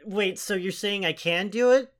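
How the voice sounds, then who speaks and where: A woman's voice: mid-range voice, normal speed. A woman co-hosting a casual comedy chat, brash and crude in a playful way. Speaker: podcast co-host.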